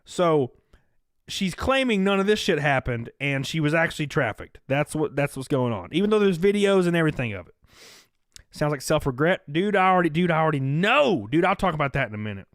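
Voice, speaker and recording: A man hosting a livestream talks in a loose, chatty way and keeps breaking into laughter. His voice sits a little high and swings up and down a lot. The close mic picks it up dry, with no room sound. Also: a little fast, no echo. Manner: animated, reads donations aloud, laughs at own jokes. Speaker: livestream host. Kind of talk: casual livestream chat.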